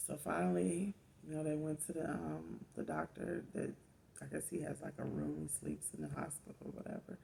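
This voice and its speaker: Woman, mother of four, casual storytime, raspy creaky voice, mellow dark tone, animated. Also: fairly low pitch. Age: adult mother of four. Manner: animated retelling, rising loud when reliving pain. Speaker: vlogger telling her own story.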